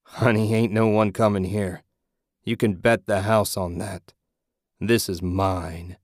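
A man reading an audiobook, voicing a gruff, taunting male gang leader. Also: fairly low pitch, steady tone, slow pace, darkish tone, no echo, studio quality. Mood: menacing.

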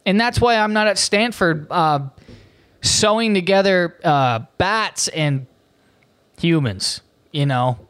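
A man's voice: high voice, expressive, slow pace, fairly bright tone, smooth. A man hosting a comedy show, delivering a profane, incredulous rant with frequent stumbles and restarts. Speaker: podcast host.

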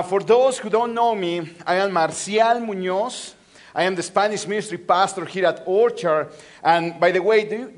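Lively high-voiced male pastor preaching. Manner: animated and playful, drawing out words for teaching. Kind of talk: sermon.

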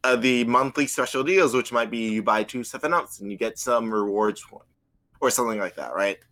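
A man's voice: mid-range voice, brisk, sharp tone. A man chatting casually on a livestream, rambling through work stories with many restarts. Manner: rambling, self-correcting storyteller. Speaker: co-host.

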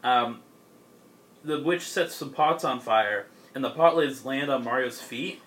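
A man's voice: medium pitch, a little slow, fairly bright tone. A young man in a casual chat, rambling through a comic's plot with lots of fillers and laughs. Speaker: podcast co-host.

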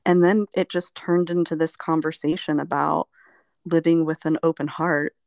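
Gravelly-voiced woman therapist telling a story. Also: low voice, level tone, moderate pace, darkish tone, no echo, studio quality. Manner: reflective, emotional, meandering with fillers. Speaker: therapist guest. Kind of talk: personal storytelling in conversation.

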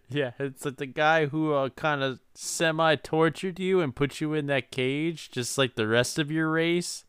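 A man co-hosting a casual comedy chat, dropping slow, wry asides and laughing often. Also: on the high side, fairly even intonation, a bit bright, smooth. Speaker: podcast co-host.

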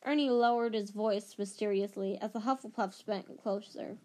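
A woman reading a novel aloud in a steady, plain storytelling manner. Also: medium pitch, moderate pace, hardly any pauses. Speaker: reader.

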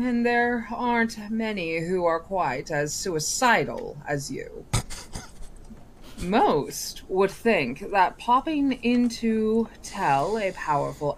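A woman's voice: mid-range voice, darkish tone, a little hiss or hum, voice pushed up. A woman voicing a sly, mocking male genie disguised as a boy, who talks in a coaxing, wheedling way.

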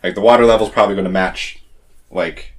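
Deep-voiced male game master, casual. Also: brisk. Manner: loose, swearing, filler-heavy. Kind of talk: narrating a tabletop game, casual chat.

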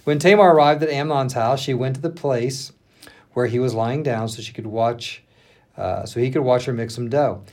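A male pastor reads scripture aloud for a podcast, at a mid pitch for a man. He reads with lively, shifting expression and stops now and then to check a name. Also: normal speed.

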